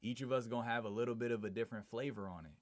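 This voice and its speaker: A man's voice: mid-range voice, racing, dry recording. A man live streaming in a casual, slangy way, reading viewer comments aloud and chatting back. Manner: slangy, laid-back, reads chat aloud and answers it.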